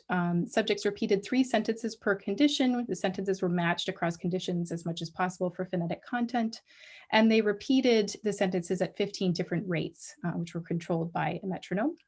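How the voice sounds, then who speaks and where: A woman's voice: medium pitch, moderate pace, darkish tone. Woman giving an academic lecture. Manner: explanatory, frequent ums and restarts. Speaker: guest lecturer. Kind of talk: academic colloquium talk. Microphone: livestream talk mic.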